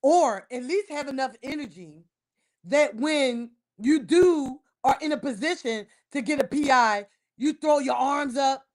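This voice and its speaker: A woman ranting about her football team on a casual livestream, heated and emphatic, repeating herself and breaking into loud outbursts. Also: high voice, unhurried. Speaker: livestream host. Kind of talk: casual sports rant on a livestream.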